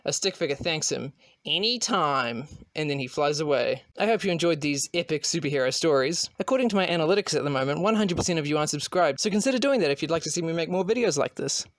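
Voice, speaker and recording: A man's voice: fairly high pitch, animated, fast talker, few pauses, dry recording. A young man giving a wry, comedic voice-over narration for an animation video. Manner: wry, dry humor. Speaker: animation YouTuber.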